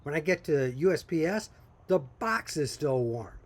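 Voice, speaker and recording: A small coffee company's owner, animated and a little high-voiced, chats to camera at normal speed about his story. He's folksy and chatty, laughing here and there while he talks.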